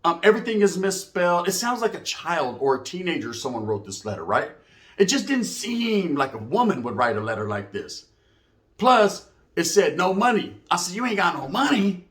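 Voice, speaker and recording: A man spins a prison yarn in casual street slang. He acts out both sides of each exchange and keeps checking in with "you know what I mean". His voice sits high for a man. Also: big pitch swings, moderate pace, fairly bright tone. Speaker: storyteller recounting prison life. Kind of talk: casual storytelling.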